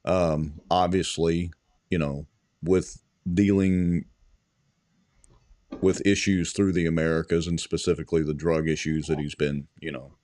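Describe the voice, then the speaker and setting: A man co-hosting a political talk show, measured and wry, often laughing. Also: rumbling low, little pitch movement, darkish tone. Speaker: podcast co-host.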